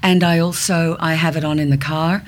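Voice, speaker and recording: A woman with a British accent, an actor and comedian guest, chatting and telling animated stories. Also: low-pitched, normal speed, a crowd in the background. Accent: British English. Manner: animated storyteller, slips into put-on American and Australian voices. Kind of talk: casual chat.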